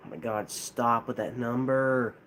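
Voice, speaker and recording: A man with a lisp, chatting casually on a live stream, hesitant and halting, with frequent restarts. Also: mid-range voice, fairly even intonation, a bit bright, a little hiss or hum. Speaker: streamer ranking plush toys.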